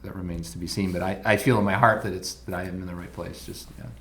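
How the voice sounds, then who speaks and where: Low-voiced Midwestern man telling stories. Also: fast, a little hiss or hum. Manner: animated storyteller, acts out quotes loudly. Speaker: podcast guest, motorcycle designer. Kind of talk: casual storytelling chat.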